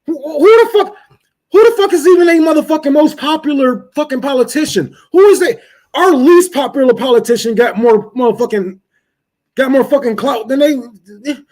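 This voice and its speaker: A young man hosting a casual livestream, cursing loudly and laughing as he rants and thanks donors. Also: extremely high pitch. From Detroit. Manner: profane, loud, laughing rants. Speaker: livestream host.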